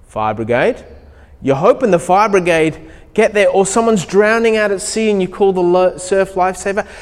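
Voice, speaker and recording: A middle-aged Australian man preaching a sermon, telling stories with animated acted-out dialogue. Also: high voice, moderate pace. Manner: animated storytelling, acts out dialogue. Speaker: pastor. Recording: long hall reverb.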